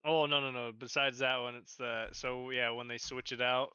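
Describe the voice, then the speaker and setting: A man's voice: medium pitch, level tone, normal speed, pushed and bright, smooth, no echo, lo-fi sound. A man co-hosting a podcast, casually recapping a movie with lots of laughter and profanity. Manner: laughing, profane, acting out quotes. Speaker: podcast co-host.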